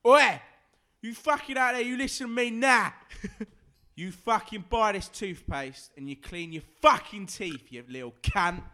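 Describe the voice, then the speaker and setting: A man voicing an aggressive, drunken male pub lout who shouts, swears and picks fights in a comic improvised bit. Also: high-pitched, expressive, measured pace, voice pushed up, heavily acted. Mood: bullying.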